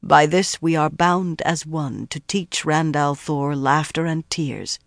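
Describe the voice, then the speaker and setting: A shrewd, leather-faced old woman elder speaks in slow, solemn, measured tones, as the audiobook reader puts her on. Her voice sits at a middle pitch and is recorded close and dry. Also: fairly even intonation, gravelly, dry recording.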